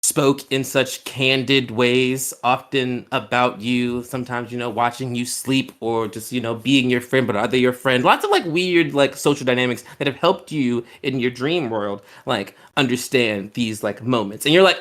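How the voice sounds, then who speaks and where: A man's voice: mid-range voice, normal speed, hardly any pauses, fairly bright tone. A man narrating as game master of a tabletop game, in a casual, rambling way with lots of fillers.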